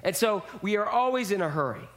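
A man's voice: high voice, animated, brisk, a bit bright. A man preaching a sermon in a church, speaking casually and acting out quotes in character voices. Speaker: pastor.

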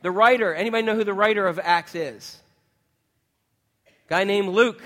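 A man with a high voice gives a sermon as pastor. He talks in a loose, conversational way and often restarts mid-sentence. His words ring out with a long reverb, as if he is in a large hall. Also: normal speed, sharp tone. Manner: conversational, with frequent restarts and fillers.

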